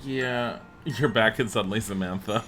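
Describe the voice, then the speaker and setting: A man's voice: lowish voice, normal speed, a bit bright, faint music behind. A man streaming a building game live, chatting and thinking aloud to viewers and laughing often. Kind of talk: live-streamed gameplay chat.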